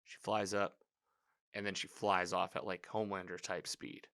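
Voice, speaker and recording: A man casually recapping a TV episode, rambling with many fillers and animated reactions. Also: low-pitched, moderate pace.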